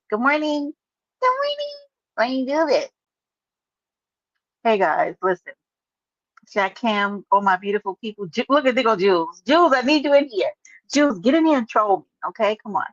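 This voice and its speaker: A sassy, playful woman chats on her livestream and greets viewers one by one. The audio is dull and lo-fi, with a dry, close sound and no room echo. Her voice sits at a middling pitch. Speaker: livestream host. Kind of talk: casual livestream chat.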